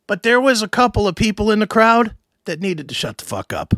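A man co-hosting a show, telling a story in casual chat, animated and swearing, acting out other voices. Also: sits high, a little fast, no room sound, studio quality. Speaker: podcast co-host.

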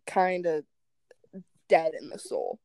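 A woman's voice: on the low side, slow, no room sound. Young woman telling a story, swearing. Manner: animated, swearing, acts out quotes. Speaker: podcast co-host. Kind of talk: casual storytelling chat.

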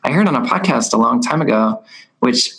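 A man's voice: medium pitch, sing-song, a little fast, gravelly, fairly bright tone, poor audio. A man hosting a podcast conversation, thinking aloud in a loose, rambling way. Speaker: podcast host. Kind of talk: casual conversation.

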